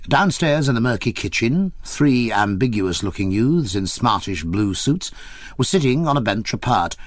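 A man reading a memoir aloud as an audiobook narrator, measured and expressive. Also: mid-range voice, no echo, clean studio sound.

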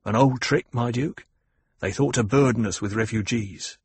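A man voicing a brooding, growling warrior-minstrel with a low, husky voice. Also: normal speed. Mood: gloomy. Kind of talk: audiobook character voice.

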